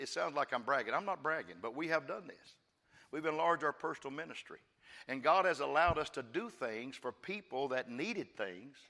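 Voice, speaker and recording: A man preaching a fervent sermon as pastor, repeating phrases and swinging from quiet asides to loud praise. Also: a little high, gravelly, long reverb tail. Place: church.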